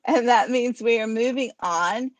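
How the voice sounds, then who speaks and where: A woman's voice: a little high, a little slow, no echo. A woman hosting a live poetry stream, talking in a chatty, rambling way as she explains the rules. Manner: chatty, rambling, laughs easily. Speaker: poetry reading host. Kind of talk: livestream hosting and poetry reading.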